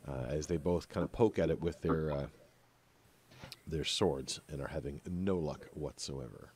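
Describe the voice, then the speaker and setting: Male game master with a deep voice and a loose, uh-filled narration style. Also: a little slow, slightly rough. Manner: relaxed, many filler uhs.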